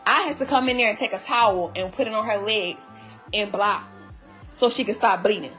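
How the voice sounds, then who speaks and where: A woman's voice: medium pitch, fairly quick, sharp tone, faint music behind. Heated, blunt woman talking to viewers. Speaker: vlogger recapping her relationship. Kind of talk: casual storytime talk to viewers.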